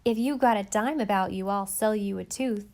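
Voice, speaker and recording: A woman reading aloud, voicing a spiteful, grinning girl who mocks loudly. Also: mid-range voice, normal speed, natural voice. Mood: mocking. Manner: loud, mocking.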